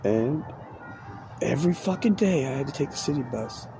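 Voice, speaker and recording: A man's voice: medium pitch, lively intonation, normal speed, vocal fry. A man telling a rambling, profane story in casual chat, often breaking off and restarting mid-sentence. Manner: profane, meandering, self-interrupting. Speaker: podcast host. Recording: noisy background.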